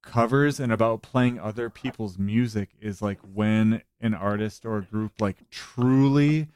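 Man, musician guest, low voice, laid-back, filler-heavy, dry close sound. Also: measured pace, clear, resonant tone, dry recording. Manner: relaxed, heavy use of "like" fillers. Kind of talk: casual podcast chat.

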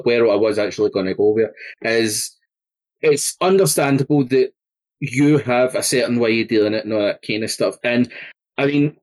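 A man's voice: medium pitch, low-quality recording. A man co-hosting a podcast, in an ordinary mid-range voice. He talks casually and hesitantly, and often restarts his sentences. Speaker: podcast co-host. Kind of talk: casual chat.

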